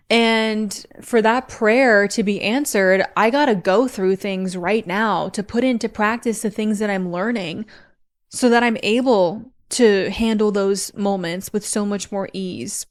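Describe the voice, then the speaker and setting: A woman's voice: mid-range voice, a little slow. Chatty young woman podcast host. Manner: candid and chatty, heavy use of "like". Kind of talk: casual podcast monologue.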